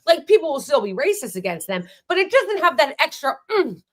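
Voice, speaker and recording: This is an American woman with a fairly high voice hosting a casual political chat. She talks bluntly and with heat, swearing freely and pressing her points hard. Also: fairly quick. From United States. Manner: blunt, swears, heated and animated. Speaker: host.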